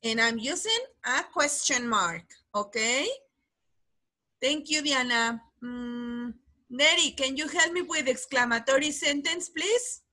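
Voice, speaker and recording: Woman, English teacher, high voice, patient, video call. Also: bright, forceful tone. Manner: patient, explains slowly, repeats key words. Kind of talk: online class lesson.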